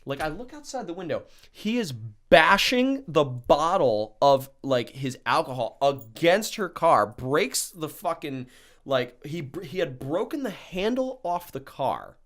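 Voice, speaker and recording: A young man tells a story on his podcast in casual chat, swearing freely and acting out the lines of the people in it. His pitch swings widely up and down. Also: a little slow. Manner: animated, swears a lot, acts out quotes. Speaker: podcast host telling a story.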